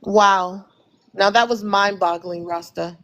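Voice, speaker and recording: A woman hosts a live audio panel. She reacts with exclamations and keeps things moving at a brisk pace. She sounds mid-pitched and plain. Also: fairly even intonation, fairly bright tone. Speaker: host.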